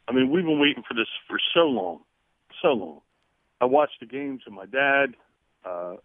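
A man's voice: mid-range voice, no room sound. A man calling in to a radio show, emotional and choked up, repeating himself as he talks. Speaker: caller. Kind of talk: phone call to a sports radio show. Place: on the phone. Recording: tinny phone line.

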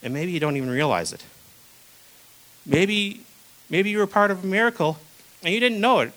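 Young man, preacher, high bright voice, casual sermon, acts out quotes. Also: expressive, normal speed, low-quality recording.

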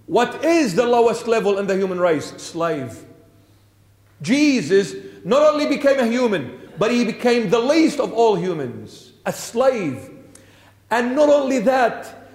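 Emphatic high-voiced male preacher, echoey church. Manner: emphatic, repeats phrases, asks rhetorical questions. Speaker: bishop preaching. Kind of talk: sermon.

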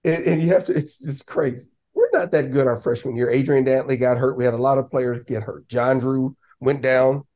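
A man talking casually as a podcast guest, telling lively stories and breaking into raised voices to act out what others said. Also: medium pitch, moderate pace, few pauses. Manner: animated, laughing, acts out quotes in raised voice. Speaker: podcast guest, basketball coach. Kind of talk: casual storytelling.

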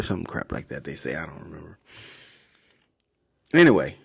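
A man hosting a devotional podcast, retelling scripture in loose, slangy language. His pitch swings widely as he jokes and drives home a point, sometimes dropping to a whisper. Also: moderate pace, creaky, long pauses, husky. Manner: animated, slangy, laughs at his own jokes. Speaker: podcast host. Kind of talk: casual devotional Bible retelling.

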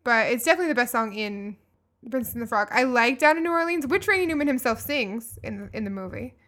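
A woman's voice: a little high, expressive, fast talker, a bit bright. A woman co-hosting a casual music podcast, chatting with many ums and restarts. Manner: hesitant, lots of ums and restarts. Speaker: podcast co-host.

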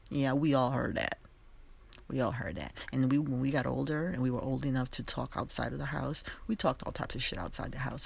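A podcast host delivers a passionate, emphatic solo commentary in a brisk, mid-range voice that's creaky and husky. They address listeners directly and conversationally, with asides and laughter.

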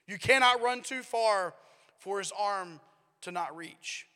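A man pastor preaching a sermon in a church, emphatic and dropping to a hush at times. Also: high-pitched, moderate pace, long reverb tail. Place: church sanctuary.

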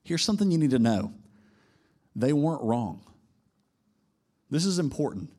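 A man preaching a sermon to his congregation in an animated way, climbing to emphatic peaks and slowing down for quoted lines. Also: a little high. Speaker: pastor.

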